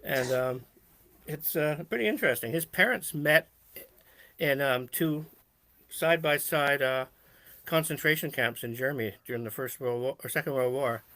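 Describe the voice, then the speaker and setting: A man's voice: medium pitch, moderate pace, sharp tone. A man in casual chat with friends, telling a rambling story with lots of fillers. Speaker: show co-host.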